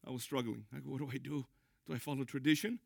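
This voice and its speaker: A middle-aged man, a pastor preaching a sermon, emphatic, with sudden loud high bursts. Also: fairly even intonation, quick pace, vocal fry, breathy edge, dry recording, clean studio sound.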